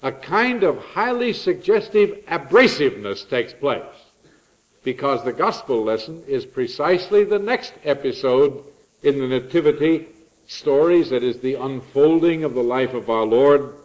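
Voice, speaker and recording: A man's voice: measured pace, low-quality recording. Learned man giving a digressive sermon. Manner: learned, digressive, with frequent asides; lively shifts of pitch and pace for emphasis. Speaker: preacher or lecturer on the church year. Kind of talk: lecture-style sermon.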